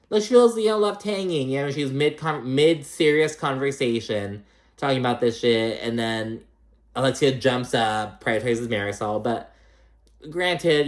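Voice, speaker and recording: A young man hosting a casual reality TV recap, talking in a chatty, gossipy way and swearing freely. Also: mid-range voice. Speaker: recap host.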